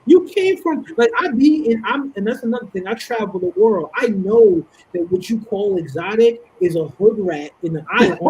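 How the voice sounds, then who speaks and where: A man from Harlem, telling stories in an animated, laughing way as a podcast guest. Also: high voice, measured pace, slight background noise, poor audio. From Harlem, New York. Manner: animated storytelling, laughing often. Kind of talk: casual podcast chat.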